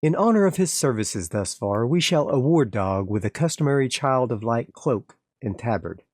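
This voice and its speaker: A man's voice: medium pitch, animated, moderate pace, a little mellow, dry recording, studio quality, natural voice. A man voicing a formal, ceremonious woman who leads a religious order.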